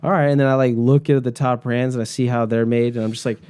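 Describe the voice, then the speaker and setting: A young American man chatting on a podcast in a relaxed, rambling way. His voice sits in a mellow, warm register at an ordinary pitch. He swears casually and keeps the talk loose. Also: quick pace, smooth. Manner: rambling, swears freely, laughs often. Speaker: podcast co-host. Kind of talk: casual chat.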